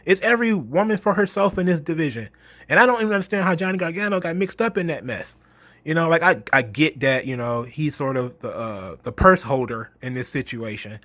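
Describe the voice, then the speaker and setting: Brief: mocking, exasperated male ranter, slightly higher voice, dry recording. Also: expressive, a little fast, a bit bright, no room sound. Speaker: wrestling commentary host. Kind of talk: ranting commentary monologue.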